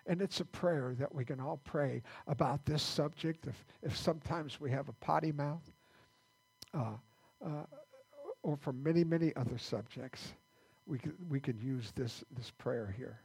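Gravelly husky male pastor preaching. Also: a little high, darkish tone. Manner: halting, repeats words as he restarts. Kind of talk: conversational sermon. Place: church.

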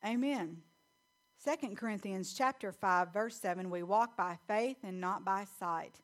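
A young woman preaching a sermon in church, emphatic and slowly repeating key lines. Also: medium pitch.

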